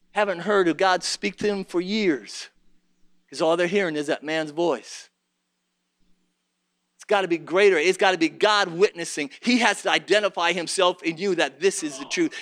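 High, bright-voiced impassioned male preacher. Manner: impassioned, rising to shouts, with rhetorical questions. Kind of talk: sermon.

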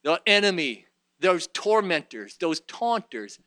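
High bright-voiced preacher. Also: male voice, expressive, normal speed. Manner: preaching with rising intensity, reading scripture aloud. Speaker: pastor. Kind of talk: sermon.

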